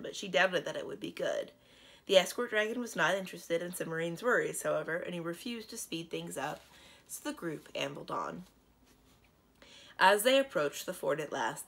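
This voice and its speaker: Librarian read-aloud, woman, low husky voice, gentle steady storytelling. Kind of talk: children's book read-aloud.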